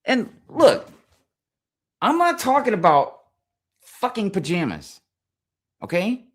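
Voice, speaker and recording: A man ranting as a streamer, swearing constantly, animated and exasperated. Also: high voice, slow. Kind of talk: profane comedic rant.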